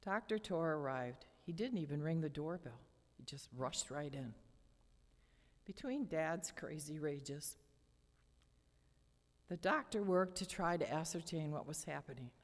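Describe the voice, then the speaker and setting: An older woman reading her personal memoir aloud at a lectern, with measured, dramatic storytelling. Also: sits low, expressive. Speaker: memoir reader. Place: church hall lectern. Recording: long church hall reverb.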